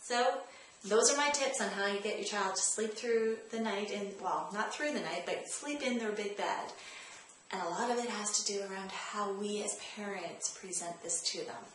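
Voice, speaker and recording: With a mid-range voice at normal speed, a woman offers parenting advice on her vlog, addressing the viewer plainly as a coach and repeating key points. The recording has a little hiss or hum, faint ambience, and lots of echo.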